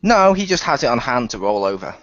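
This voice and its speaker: A man's voice: mid-range voice, sing-song, brisk, fairly bright tone, dry recording. A man co-hosting a wrestling chat, giving blunt and opinionated takes. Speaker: podcast co-host. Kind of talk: casual opinionated commentary. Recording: dull dry lo-fi audio.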